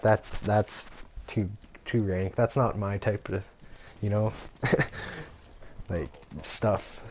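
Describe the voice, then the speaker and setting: Young man, casual vlog storytelling, rambling with fillers, lowish mellow voice. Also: a little hiss or hum. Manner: rambling, filler-heavy, laughs often.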